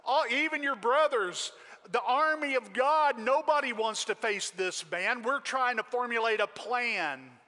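A doubtful king urges a boy to wait, as a preacher puts him on. The voice sits high and bright, with coaxing warnings that ring through a long hall reverb. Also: a little slow, full character voice. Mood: cautioning.

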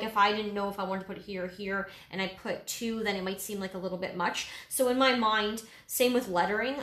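A woman walks through a painting project in a relaxed, chatty way, sprinkling in "um" and "like" as she explains each stroke. Her voice sits in a middle range and carries a noticeable room echo. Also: mid-range voice. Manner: easygoing, lots of fillers like "um" and "like". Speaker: painting instructor. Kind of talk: casual step-by-step painting tutorial. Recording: roomy echo.

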